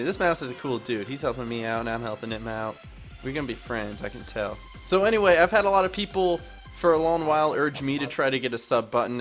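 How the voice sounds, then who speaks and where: A young man chatting casually over his gameplay as a YouTuber, rambling and joking at his own expense. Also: mid-range voice. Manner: rambling, self-mocking, chatty. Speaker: gaming YouTuber. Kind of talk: casual let's-play commentary. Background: soft background music.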